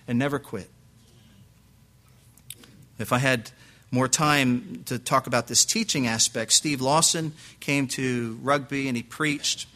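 A male pastor telling a lively personal story, acting out his quotes and restarting his sentences often. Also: medium pitch, measured pace. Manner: animated anecdote with acted quotes, frequent restarts and laughs. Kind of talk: preaching storytelling.

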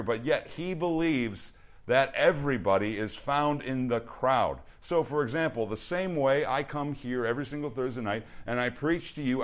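Earnest man preaching a youth sermon. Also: mid-range voice. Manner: earnest, repetitive emphasis with restarts. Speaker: youth pastor.

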